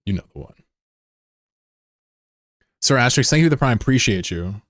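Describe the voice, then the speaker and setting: A man's voice: mid-range voice, animated, moderate pace, fairly bright tone, no room sound, clean studio sound. A man from the United States rambling and joking casually as he chats with his live-stream viewers. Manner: joking, rambling, answers chat messages.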